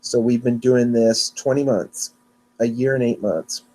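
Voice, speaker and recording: A man's voice: mid-range voice, fairly even intonation, measured pace, a little mellow. Rambling man hosting a weather podcast. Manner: rambling, restarts and corrects himself. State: yawning, sleepy. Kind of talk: casual solo podcast talk.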